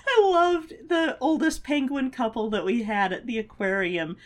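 A woman's voice: fairly high pitch, moderate pace. A woman co-hosting a podcast in casual chat, informative and giggly. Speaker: podcast co-host.

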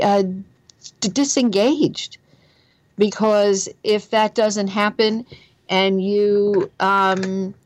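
A woman's voice: mid-range voice, darkish tone, dry recording. A woman with a New Jersey accent, a guest author talking about careers in an emphatic, earnest way and repeating phrases for stress. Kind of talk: conversational interview.

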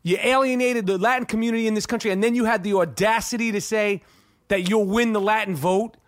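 A man, hosting a podcast in an animated, profane comedic rant, swearing and repeating himself. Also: high-pitched, fairly quick. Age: 40s. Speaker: podcast host.

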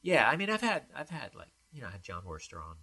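A man hosting a podcast from his apartment, chatting casually in a dry, halting, self-deprecating way. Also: medium pitch, wildly swooping pitch, gravelly, bright, forceful tone, slightly rough. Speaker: podcast host and comedian. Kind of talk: casual chat.

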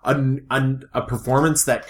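Mid-pitched male co-host, frank and easygoing, chiming in on film talk. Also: steady tone, normal speed, a bit bright. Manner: frank, agreeable, casual swearing. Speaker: podcast co-host, film reviewer. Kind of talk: casual chat.

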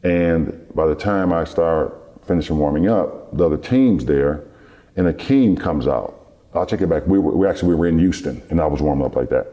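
A man's voice: very deep voice, fairly quick. A middle-aged man, a former athlete, telling a long story in an interview and acting out what others said to him. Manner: relaxed, rambling storyteller who acts out quoted dialogue. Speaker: guest, former basketball player.

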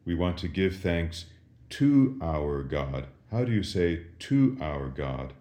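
A man, a priest, patiently teaching Latin responses in a slow lesson, pausing for the listener to answer each question. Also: low voice, very animated, mellow. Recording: roomy echo.

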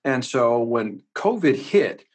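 A man's voice: mid-range voice, very animated, takes it slowly, breathy edge. A man from the United States, a sales coach talking energetically with emphatic asides in a casual podcast interview.

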